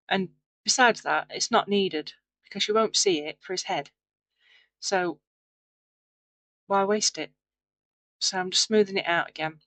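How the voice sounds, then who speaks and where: A woman's voice: fairly low pitch, fairly bright tone, no echo, rough recording. A tired woman narrating her clay crafting in a rambling, chatty, self-deprecating way late at night. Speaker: craft video host. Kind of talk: casual voice-over crafting narration.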